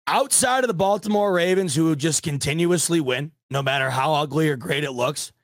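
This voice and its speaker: A man hosting a sports podcast, recapping a game as an excited fan with lots of stammered restarts. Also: a little high, normal speed, no room sound. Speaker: podcast host.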